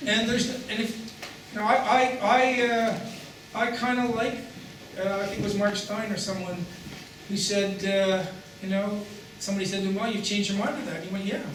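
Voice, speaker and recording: A man's voice: high voice, flat delivery, moderate pace, fairly bright tone. A man giving a seminar talk to an audience, joking and conversational, with frequent restarts. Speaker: guest speaker at a seminar. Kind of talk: lecture with jokes. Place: hall with audience. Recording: echoey hall, distant mic, noise.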